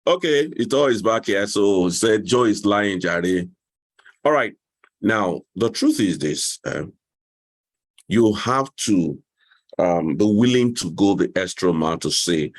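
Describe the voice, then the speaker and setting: A low-voiced man runs an online class on marriage. He teases the participants, laughs easily and repeats his points to drive them home. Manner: laughs often, teasing, repeats phrases.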